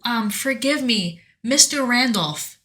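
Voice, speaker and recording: Bright-voiced woman recapping a game story. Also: a little high, expressive, takes it slowly. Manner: rambling, earnest, many fillers and restarts. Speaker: podcast co-host. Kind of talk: casual chat recapping a video game story.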